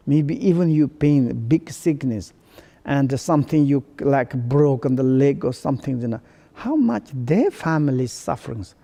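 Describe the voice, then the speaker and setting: A man giving a Buddhist dharma teaching to his students in halting non-native English, full of restarts and unhurried, gently humorous reflection. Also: mid-range voice, lively intonation, gravelly.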